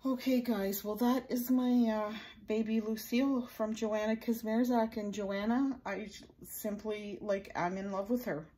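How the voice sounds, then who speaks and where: A woman chatting excitedly as she unboxes a new doll, gushing and filling her talk with "like" and "oh my God". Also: mid-range voice, a little slow, few pauses. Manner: gushing, many "like" and "oh my God" fillers. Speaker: doll collector and vlogger. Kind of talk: excited casual unboxing chat.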